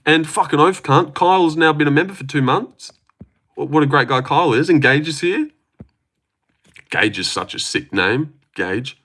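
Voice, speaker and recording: A man's voice: fairly high pitch, expressive, normal speed, a bit bright. A young man hosting a casual livestream, reading chat aloud and joking around with plenty of swearing. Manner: sweary, joking, laughs often.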